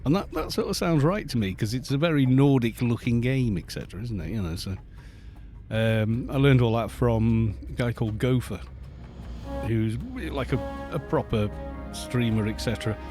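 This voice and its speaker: Welsh male streamer, warm mellow tone, rambling casual chat at a desk mic. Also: medium pitch, normal speed, soft background music. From Wales. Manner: rambling, chatty, reads chat aloud and greets viewers. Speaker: game streamer. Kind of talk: casual live-stream chat while playing.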